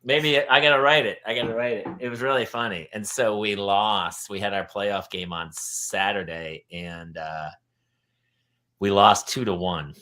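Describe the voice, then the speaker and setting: A man hosting a parenting talk show, telling comic stories and acting out the people in them with loud shouted voices. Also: on the low side, steady tone, normal speed. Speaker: podcast host. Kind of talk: comedic storytelling chat.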